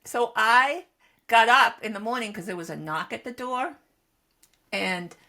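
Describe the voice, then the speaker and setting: A woman's voice: fairly high pitch, animated, a little slow, pushed and bright. A woman in her seventies telling her own stories in a casual podcast chat, wry and self-mocking. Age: 70s. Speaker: podcast co-host, mother.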